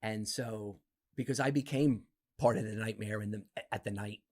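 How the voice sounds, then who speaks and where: A man in his fifties from New Jersey, a podcast guest telling stories from his life in a casual, animated way. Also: normal speed. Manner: animated, acts out quoted voices with big pitch jumps. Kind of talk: casual storytelling interview.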